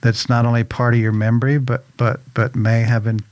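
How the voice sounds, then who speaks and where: A man's voice: mid-range voice, flat delivery, fairly quick, darkish tone, dry recording. A man hosting a casual interview chat, jovial, with frequent stammering restarts. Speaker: host. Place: local studio.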